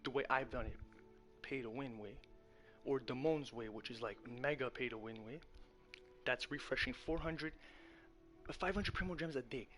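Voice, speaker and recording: A man's voice: mid-range voice, moderate pace, long pauses, a bit bright, soft background music. Man, gaming host, fired-up rant, swears constantly, keeps circling back and correcting himself. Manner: profane, heated, addresses viewer as bro; rambling with frequent self-corrections. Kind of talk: ranting gaming commentary.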